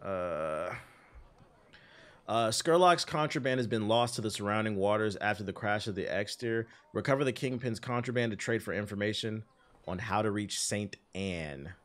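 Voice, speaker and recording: A man's voice: fairly low pitch, expressive, normal speed, a bit bright. A man giving casual, profane, joking commentary while playing a video game on stream. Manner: loose, profane, laid-back joking.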